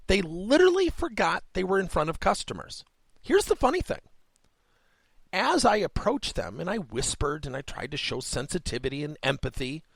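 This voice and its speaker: A man's voice: a little high, vocal fry, breathy edge, dry recording. A man hosting a workplace coaching podcast, telling a story with rhetorical questions.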